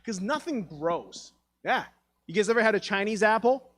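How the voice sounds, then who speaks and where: Man in his thirties, from Taiwan, stand-up comedian, profane, self-deprecating, fairly high voice. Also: expressive, moderate pace, a bit bright. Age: 30s. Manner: profane, self-deprecating, acts out quoted dialogue. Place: theatre stage.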